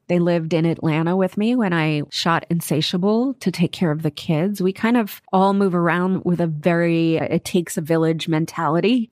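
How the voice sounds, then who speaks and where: Forties woman, candid interview chat, animated storyteller, lower voice, dry sound. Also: no room sound. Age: 40s. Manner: frank, profane, animated storytelling. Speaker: actress and author, guest.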